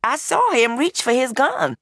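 A woman voicing an eager young woman who quickly agrees, in a raised voice. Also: high voice, huge pitch swings, husky, no echo, studio quality, voice pushed up, exaggerated voice.

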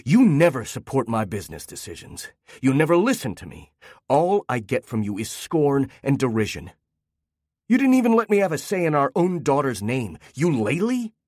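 A man voicing an angry, bitter father who shouts and sneers, in a dry recording. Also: mid-range voice, very animated, normal speed, no room sound, pitched above the performer's own voice. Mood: sneering.

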